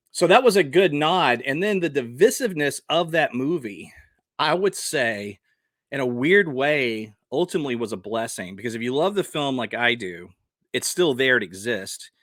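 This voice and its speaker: Blunt, fired-up man with a bright voice. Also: mid-range voice, no room sound, studio quality. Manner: blunt and passionate, with rhetorical questions. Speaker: vlogger. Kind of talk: casual opinion vlog.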